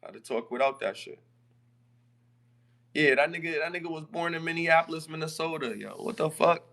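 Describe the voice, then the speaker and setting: Excitable slangy man on a podcast. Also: on the high side, moderate pace. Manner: loose, excitable, slangy, swears often. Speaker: podcast co-host. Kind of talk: casual chat.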